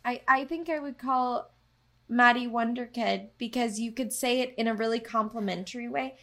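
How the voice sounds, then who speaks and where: A young adult woman co-hosting a podcast, telling stories in an emotional, animated way. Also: a little high, moderate pace. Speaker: podcast co-host. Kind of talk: casual chat.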